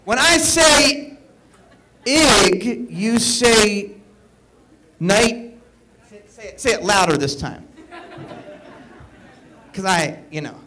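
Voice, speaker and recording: High-voiced, shouty male emcee hyping a crowd. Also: takes it slowly, pauses often, low-quality recording. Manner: energetic and shouty, pumps up the audience. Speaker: event emcee. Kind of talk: live call-and-response crowd warm-up. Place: conference event in front of a live audience. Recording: live event with loud crowd and background noise. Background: crowd noise.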